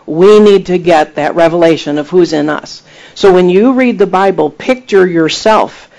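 A man preaching a sermon, retelling scripture with emphatic, animated delivery and acted-out quotes. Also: sits high, moderate pace, creaky, rough recording. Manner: animated storytelling, acting out quoted voices; emphatic, rising to exhortation.

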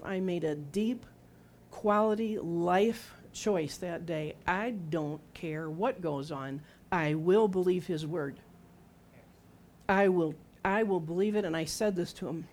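A woman in her sixties, her voice on the low side and a little mellow, preaches a sermon in a conversational testimony style. She puts questions to the listeners and acts out quoted words, both hers and God's.

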